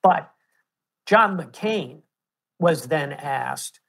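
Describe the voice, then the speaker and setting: A man as an interview guest, explaining history in a measured, storytelling way. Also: a little high, fairly even intonation. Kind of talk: interview answer.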